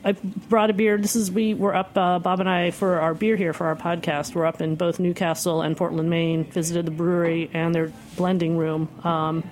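Low-voiced woman, hesitant studio guest. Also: little pitch movement, normal speed, darkish tone. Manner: hesitant, lots of ums and restarts. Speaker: beer importer guest. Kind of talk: casual studio chat. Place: radio studio.

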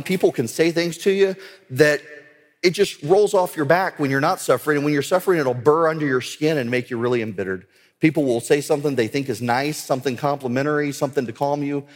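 A man's voice: on the high side, fairly quick. A man giving an earnest religious conference talk that builds to fervent exhortation. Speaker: conference speaker. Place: large conference hall. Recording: long hall reverb.

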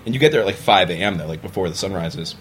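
A young adult man on a podcast, telling stories in a casual, animated way and acting out other people's lines. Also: deep voice, racing, a little hiss or hum. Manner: animated storyteller, acts out quoted voices. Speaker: bar owner, podcast guest. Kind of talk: casual storytelling chat. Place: podcast studio.

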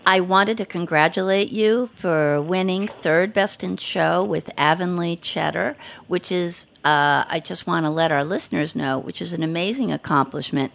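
A woman hosting a casual radio interview, her voice sitting low with a gravelly, creaky edge. She talks in a loose, chatty way and restarts her questions as she goes. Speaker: radio show host.

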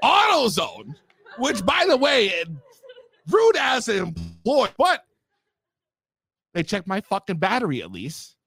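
A young man hosting a show, telling a profane comic rant and breaking into shouts. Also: very high-pitched, unhurried, long pauses, slightly rough, dry recording, studio quality. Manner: profane, animated, swings to shouting. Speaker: host.

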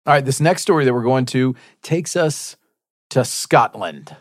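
A man's voice: mid-range voice, animated, measured pace, no room sound, studio quality. A man hosting a faith-based news talk show, reading news stories aloud and chatting with his co-hosts.

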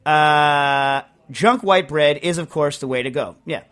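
A man's voice: on the high side, a little slow, a bit bright. A man hosting a podcast in casual chat, rambling and emphatic, full of restarts as he answers listener mail. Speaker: podcast host.

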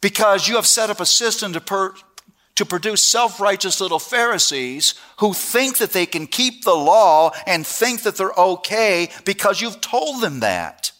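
A middle-aged male preacher with a bright, forceful voice delivers a sermon at an unhurried, deliberate pace. He tells stories with animation and then sinks into a quiet, earnest hush to press his point. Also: high voice. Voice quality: animated storyteller who drops to a hushed, earnest tone.

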